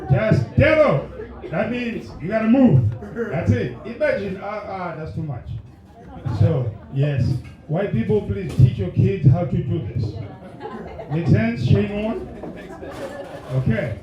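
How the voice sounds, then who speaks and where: Male stand-up comic working the crowd with shouted bursts, voice a little off-mic in a live room. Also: high voice, lively intonation, slow pace, lo-fi sound. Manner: loud crowd work, sudden shouted bursts. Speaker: stand-up comedian. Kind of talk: stand-up comedy set. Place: comedy club stage. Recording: roomy live venue, mic at distance, audience. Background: laughing audience.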